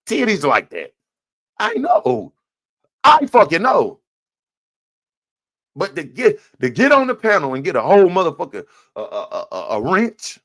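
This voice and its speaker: A man's voice: a little high, fairly bright tone, no room sound. A man, ranting heatedly and profanely as a live stream host. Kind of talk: casual ranting commentary.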